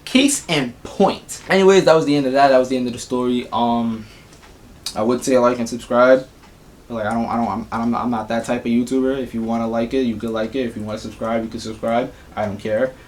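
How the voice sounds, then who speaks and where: A young man telling a storytime vlog story, animated and profane, acting out the people in his story. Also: mid-range voice, quick pace, a little hiss or hum. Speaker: YouTuber.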